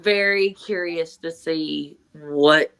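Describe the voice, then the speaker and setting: A middle-aged woman hosting a casual chat, talking in halting, chatty bursts. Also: deep voice, fairly bright tone, smooth. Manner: halting, chatty, quotes characters in asides. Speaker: podcast host.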